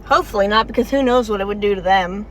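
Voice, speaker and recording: A woman's voice: mid-range voice, fast talker, a little hiss or hum. A woman reacting to a game's story in casual, emotional vlog commentary, chatty and full of "like" fillers. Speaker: game story reaction vlogger.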